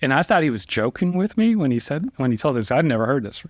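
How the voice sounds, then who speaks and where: Middle-aged male attorney guest, mid-pitch, dry close sound, chatty storyteller who mimics the people he quotes. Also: fast talker, dry recording. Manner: lively storyteller who acts out quoted dialogue with sharp pitch jumps; loose, conversational phrasing with fillers like "like" and "you know". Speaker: trial attorney, podcast guest. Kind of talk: casual anecdotal storytelling.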